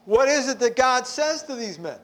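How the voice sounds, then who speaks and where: A man's voice: extremely high pitch, animated, normal speed, a bit bright. A man preaching a sermon, emphatic, repeating words as he presses his points.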